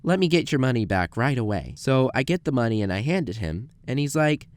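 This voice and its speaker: A young man narrating a comedic story about his grocery job, jumping into quick put-on voices for the people in it. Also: very animated, no room sound. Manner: acts out quoted customers with jumps in pitch. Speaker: animated storyteller.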